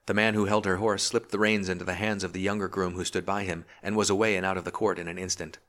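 A man reads a historical novel aloud, calm and measured. His voice sits very low. The narration is even and unhurried, for a long listen. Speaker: audiobook narrator. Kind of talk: scripted narration.

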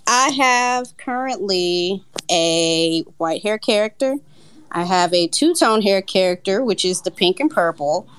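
A woman talking as a guest comic artist in casual chat, animated and laughing often. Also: mid-range voice, measured pace, clear, resonant tone.

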